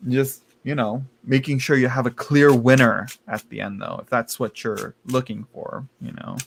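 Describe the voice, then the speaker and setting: A man hosting a live tarot stream, talking in a campy, gossipy way with plenty of laughter. His voice sits at an ordinary middle pitch. A faint hiss and the sound of shuffling cards stay in the background. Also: fairly even intonation, normal speed, vocal fry. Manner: chatty, campy, laughs often, addresses viewers as girl. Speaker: tarot reader.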